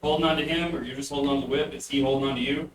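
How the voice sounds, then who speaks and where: A man running a tabletop game as game master, narrating in halting bursts with frequent restarts and chuckles. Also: medium pitch, fairly even intonation. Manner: halting, restarts often, laughs through narration. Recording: echoey room, distant mic, noisy.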